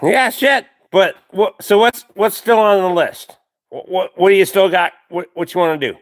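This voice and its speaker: A man in his forties with a Canadian accent, hosting a live stream in excitable, stammering casual chat. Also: high voice, normal speed. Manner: stammering, excitable, laughs a lot.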